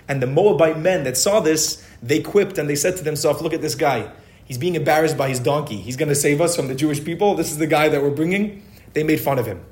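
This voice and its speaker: A man giving a weekly Torah lesson, retelling the story in an emphatic, repetitive storytelling way. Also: medium pitch. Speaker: Torah teacher.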